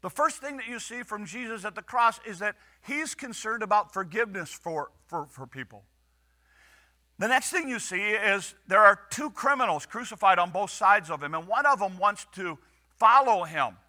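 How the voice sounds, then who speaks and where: A man preaching a sermon as pastor, earnest with dramatic pauses and raised quoted lines. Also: sits high, expressive, bright, forceful tone.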